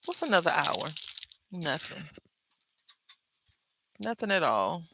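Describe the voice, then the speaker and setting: A woman's voice: fairly low pitch, sing-song, slow pace, gravelly, background noise. A woman hosting a crafting tutorial, chatting casually and rambling into asides to her viewers as she works. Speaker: crafting channel host.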